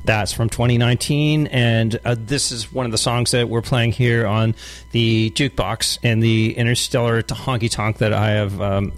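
A middle-aged man hosting a community radio show, back-announcing songs in a relaxed, rambling way with many fillers and restarts. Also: fairly low pitch.

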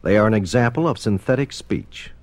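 A man narrating a formal documentary in a measured, explanatory manner. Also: fairly low pitch, dry recording. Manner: measured, explanatory, expressive intonation.

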